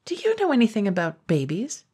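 A woman's voice: medium pitch, huge pitch swings, brisk, a little mellow, breathy edge, voice pushed up. A woman voicing a tired, fussy male dragon stuck minding a baby, with a plaintive, put-upon manner.

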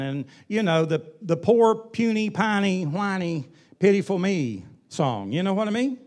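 A man's voice: high-pitched, sing-song, moderate pace. A male pastor preaching a sermon in an emphatic, folksy way, with colloquial asides.

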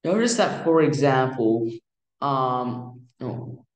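A man teaching music theory in a casual, halting way, with many fillers and restarts. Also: medium pitch, expressive, roomy sound, poor audio. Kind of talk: casual explanatory lesson.

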